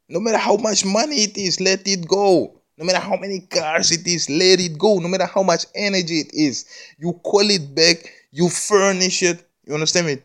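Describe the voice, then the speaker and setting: Rambling man preaching self-affirmation. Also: medium pitch. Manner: rambling, repeats words and restarts often, swears casually; self-affirming, preachy, often asks "you understand me?". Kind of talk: casual spiritual monologue.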